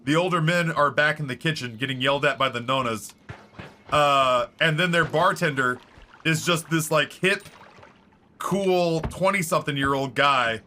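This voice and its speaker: A man streaming a game, chatting casually in a rambling, animated storytelling way with many fillers. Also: on the high side, normal speed, a little hiss or hum.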